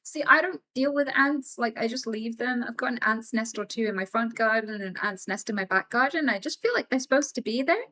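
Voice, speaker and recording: A woman's voice: on the high side, a little fast, hardly any pauses. A woman live-streaming from home, telling a casual story to her chat in an emphatic way, with plenty of swearing. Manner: emphatic and swearing, animated as she tells a story.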